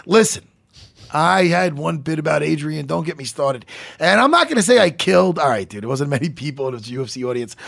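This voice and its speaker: Male host, animated, gravelly voice, jokey, casual swearing. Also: fairly high pitch, fairly quick. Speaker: podcast host. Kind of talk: casual chat.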